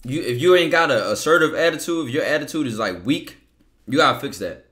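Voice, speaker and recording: A man in casual motivational talk, blunt, profane and slangy, acting out his inner voice in quick asides. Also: mid-range voice, lively intonation, a bit bright. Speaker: podcast guest.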